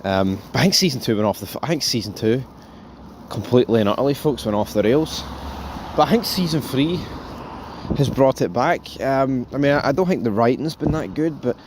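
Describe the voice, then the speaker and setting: A man's voice: medium pitch, fairly quick, background noise. Rambling man reviewing a show. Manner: rambling, animated, swears freely, addresses viewers as folks. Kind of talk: casual spoken review.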